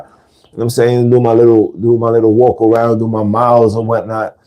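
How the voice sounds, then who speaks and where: Gravelly-voiced man, emphatic podcast host. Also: mid-range voice, fast, darkish tone. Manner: street slang, repetitive, emphatic. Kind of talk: casual monologue.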